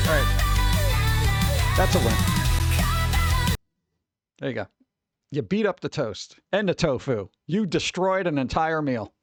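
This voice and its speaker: A man's voice: on the high side, expressive, moderate pace, pauses often, no room sound, soft background music. A man from New York streaming casually, reacting to chat with sarcastic, mumbled asides.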